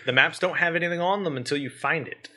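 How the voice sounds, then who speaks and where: A man's voice: fairly high pitch, fast, sharp tone. A man co-hosting a casual gaming podcast, talking enthusiastically at length and laughing often mid-sentence. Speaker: podcast co-host.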